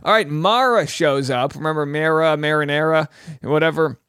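A man in his thirties recaps a reality show with a loose, joking ramble, jumping into quick silly voices when he quotes people. His voice sits a bit high for a man. The sound is close and dry, with no room behind it. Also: a bit bright, smooth, dry recording.

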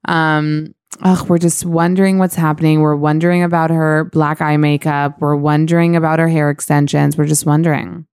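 A woman's voice: sits low, little pitch movement, moderate pace, few pauses, a little mellow, smooth, dry recording, clean studio sound. A woman hosting a podcast, chatting casually about celebrity gossip with lots of "like" and fillers. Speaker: podcast host.

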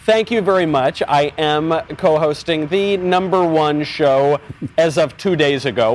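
A man's voice: fairly high pitch, slight background noise. A man co-hosting a roundtable remotely, boasting with dry humor. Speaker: podcast co-host. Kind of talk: casual chat over a remote link.

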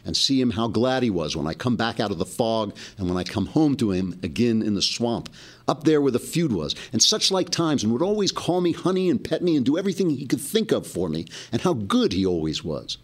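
Huck Finn, young runaway boy, folksy and earnest, voice raised high, read by a man. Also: big pitch swings, a little fast. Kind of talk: reading a novel passage aloud.

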